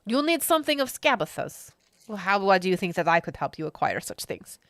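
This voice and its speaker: A woman doing a cool-headed boy who leads a pack of kids in a tabletop game. He bargains calmly and smoothly, like a polished villain. The voice stays close to her own and sounds dry and close. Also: medium pitch, fairly quick, dry recording. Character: wary young boy gang leader, smooth dealmaker.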